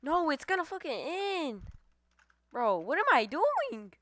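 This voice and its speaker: A woman giving live gameplay commentary, excitable, swearing and trash-talking her opponents. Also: high-pitched, unhurried, no echo. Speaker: gamer streamer.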